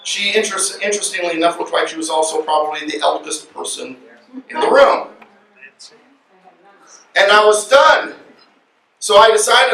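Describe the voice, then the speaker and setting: A man speaking to an audience at a luncheon, animated and joking as he lectures. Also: high-pitched, normal speed, long pauses. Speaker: guest speaker. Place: luncheon event room. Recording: echoey room from far off, faint noise.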